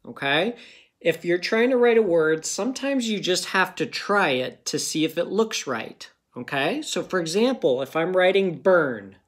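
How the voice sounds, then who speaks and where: A man's voice: a little high, a bit bright. A male teacher giving a phonics lesson to children, patiently sounding out words and checking in with "okay?" again and again.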